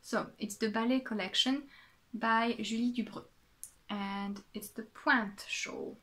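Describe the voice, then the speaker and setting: Slow-talking French woman, chatty and rambling. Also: on the high side, steady tone, a bit bright. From France. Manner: chatty, rambling, self-correcting, with asides to herself. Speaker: knitting podcast host. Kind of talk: casual show-and-tell chat.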